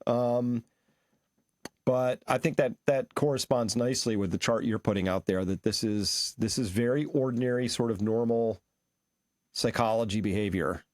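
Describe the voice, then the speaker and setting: A man's voice: medium pitch, a little mellow, dry recording. A man co-hosting a conversational market discussion, who walks through charts and figures in an analytical way.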